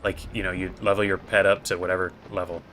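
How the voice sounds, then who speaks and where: A man's voice: low voice, little pitch movement, fast, bright, forceful tone, a little hiss or hum. A man giving casual gameplay commentary as host, thinking aloud in a hesitant way with many fillers. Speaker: gaming video host.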